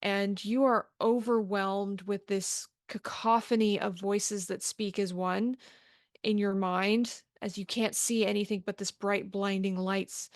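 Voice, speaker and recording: A woman running a tabletop horror game, narrating scenes in an unhurried, descriptive way. Her voice sits mid-range and sounds dry, as if close to the mic. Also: medium pitch, fairly even intonation, no echo. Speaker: game master.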